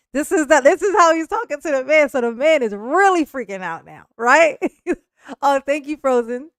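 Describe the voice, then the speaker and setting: A woman's voice: high voice, expressive, normal speed, no echo, studio quality. A woman hosting a livestream, telling a long story to her chat in a rambling, laughing way. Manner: rambling, laughing often, frequent restarts and "like". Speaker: livestream host. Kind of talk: casual storytelling to a live chat.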